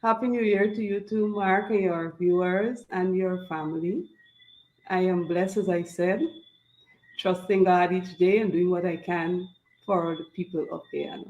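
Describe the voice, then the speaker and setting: Calm woman on a dull lo-fi line. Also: lowish voice, a little slow. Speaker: member of parliament, guest. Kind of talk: conversational guest greeting.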